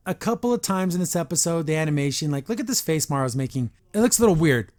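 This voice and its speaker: A man's voice: a little high, lively intonation, quick pace, few pauses, darkish tone. A man hosting a podcast, chatting casually and opinionatedly through an episode review and acting out the characters' lines in his own take on their voices.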